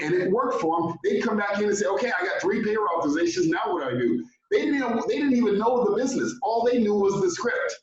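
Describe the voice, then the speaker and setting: Male interview host, lively storyteller, slightly high voice; echoey room, distant muffled mic. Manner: animated storyteller, acts out quotes.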